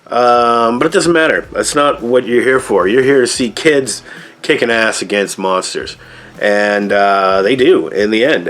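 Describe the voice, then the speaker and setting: A man talks through a movie review in an easygoing, unscripted way. His voice sits a touch low. He keeps drifting into side comments and casual hedges like he's chatting with a friend. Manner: loose, rambling, frequent "like" and "I don't know" asides.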